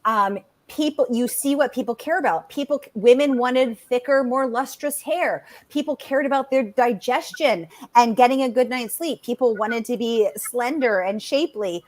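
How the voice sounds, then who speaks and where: A woman author answering interview questions, animated and chatty, with many fillers. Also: fairly high pitch, moderate pace, few pauses. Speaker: author, guest.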